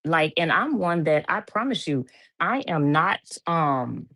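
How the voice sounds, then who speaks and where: Low-voiced woman chatting on a livestream. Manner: chatty, reads chat comments aloud, laughs often. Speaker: livestream host. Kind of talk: casual livestream chat. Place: home.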